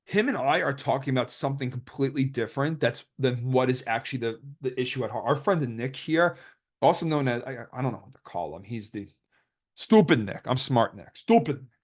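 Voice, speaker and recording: A man's voice: medium pitch, brisk. A young man casually commentating over his card game replays, rambling and joking as he retells a dispute. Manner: rambling, joking, quotes others in put-on voices.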